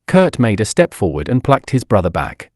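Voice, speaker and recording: A man reads an audiobook dramatically and expressively at a normal speed, his pitch rising and falling a great deal. He's close to the mic in a dry recording with no room sound or echo.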